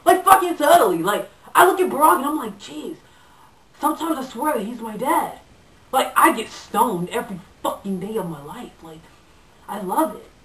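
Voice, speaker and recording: A woman's voice: on the high side, lively intonation, normal speed, a bit bright. A woman playing a young stoner surfer guy who delivers pizza, talking in a laid-back, profane way full of dude and bro. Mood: defiant, worked up. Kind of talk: comedic character monologue. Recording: echoey room, voice far from mic.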